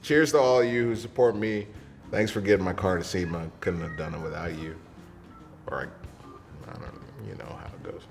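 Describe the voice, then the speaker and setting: Deep-voiced tipsy young man rambling. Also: brisk, gravelly, over music. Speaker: interview guest. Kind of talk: drunken casual interview.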